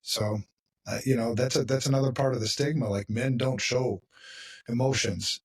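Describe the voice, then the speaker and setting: A husky man hosting a podcast in loose, casual chat. He talks bluntly and with emphasis, and he swears freely. His voice sits back from the mic. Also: mid-range voice, steady tone, moderate pace, distant mic. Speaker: podcast host.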